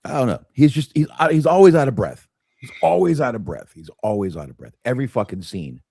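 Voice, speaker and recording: A man's voice: mid-range voice, very animated, fast, creaky, mellow, slightly rough, no echo, studio quality. A man co-hosting a casual movie review podcast, swearing often and restarting his sentences. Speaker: podcast co-host.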